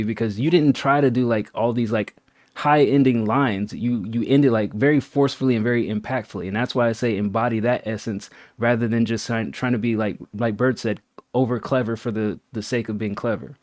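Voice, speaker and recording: A man's voice: mid-range voice, steady tone, a little fast, darkish tone, dry recording. Explaining man, dry close sound. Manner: explanatory, demonstrates pronunciation. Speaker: music critique panelist. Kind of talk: casual review chat.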